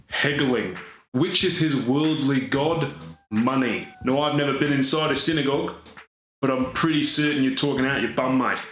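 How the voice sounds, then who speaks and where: A man's voice: medium pitch, a bit bright, reverberant, a little hiss or hum, lightly acted, poor audio. A man playing a dumb, boorish Australian drama YouTuber with an Australian accent in a comedy sketch, taunting and mock-aggressive.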